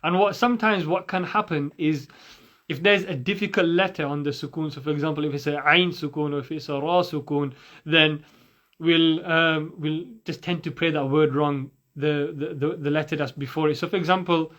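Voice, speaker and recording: Bright-voiced patient recitation teacher, man. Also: on the high side, dull audio. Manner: patient, repeats sounds slowly and asks listeners to recite along. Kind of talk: tajweed lesson with slow demonstrations.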